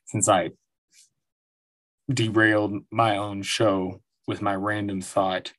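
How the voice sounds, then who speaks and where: A lowish, fairly bright male voice with little pitch movement and a slow pace. The speaker, a man in his forties, hosts his own podcast from home, rambling through profane stories in a casual monologue and laughing often.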